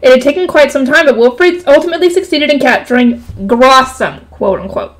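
A woman's voice: high-pitched, a little fast, rough recording. A woman reading a light novel aloud, breaking off to react with exclamations and groans.

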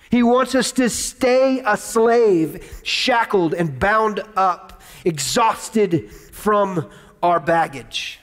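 A male pastor preaching a sermon, leading the crowd in call-and-response and repeating key lines. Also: high-pitched. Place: church auditorium. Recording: long hall reverb.

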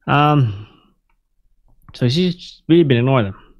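A man's voice: medium pitch, lively intonation, very slow, pauses often. A man giving casual let's play commentary, reading in-game text messages aloud and reacting to them with swearing and chuckles. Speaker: gameplay commentator.

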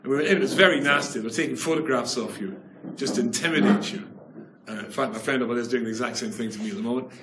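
A rabbi giving an animated Torah class, telling stories and using Hebrew and Yiddish terms with emphasis. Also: male voice, medium pitch, rapid-fire. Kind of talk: Torah class, storytelling lecture. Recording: echoey room with faint noise.

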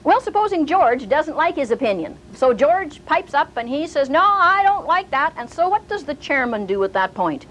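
A woman's voice: high voice, moderate pace, few pauses, slight background noise, rough recording. An older woman teaching a sermon, telling stories and acting out the voices of the people in them. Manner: animated storyteller, acting out quoted voices. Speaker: Bible teacher.

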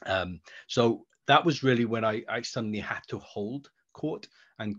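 Male speaker coach, low voice, deliberate pauses, rambling anecdotes, muffled video-call sound. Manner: deliberate pauses between words; rambling storyteller. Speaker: speaker coach and creative producer. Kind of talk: answering a question in an online talk.

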